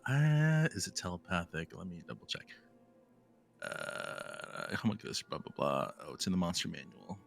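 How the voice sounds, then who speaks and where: A man's voice: deep voice, big pitch swings, normal speed, vocal fry, faint music behind. A young man playing in a tabletop game, describing his character's actions with many fillers and restarts. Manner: rambling, lots of fillers. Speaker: player.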